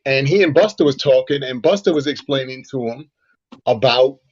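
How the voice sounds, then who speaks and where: A man's voice: mid-range voice, normal speed, breathy edge, lo-fi sound. A man co-hosting a radio show, telling a story animatedly with lots of "you know" fillers. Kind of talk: casual radio chat, storytelling.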